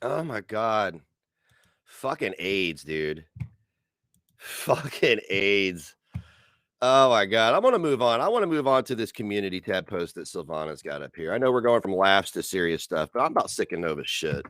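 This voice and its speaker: A man's voice: fairly low pitch, big pitch swings, fast, few pauses, a bit bright, dry recording, clean studio sound. A man streaming from home, ranting angrily and sarcastically with heavy profanity while reacting to posts on screen. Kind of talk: angry commentary rant.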